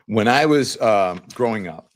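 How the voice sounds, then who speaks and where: Deep-voiced guy in his 50s, host just chatting to viewers, laid-back storytelling, lots of ums. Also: a little slow. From Louisiana, US. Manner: relaxed storytelling, conversational, many fillers. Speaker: show host. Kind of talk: casual monologue to viewers.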